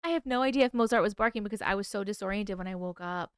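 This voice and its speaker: Racing through her words in a clear, resonant, medium-pitched voice, a woman hosts a casual late-night livestream. Drowsy, she swears and yawns while responding to viewers' stories, recorded in clean studio sound without room noise.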